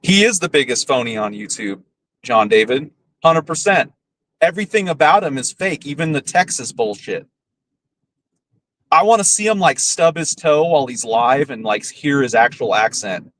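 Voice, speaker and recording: A man's voice: mid-range voice, expressive, moderate pace, fairly bright tone, poor audio. A man hosting a podcast, ranting bluntly and profanely with scorn. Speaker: podcast host. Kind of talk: casual ranting commentary.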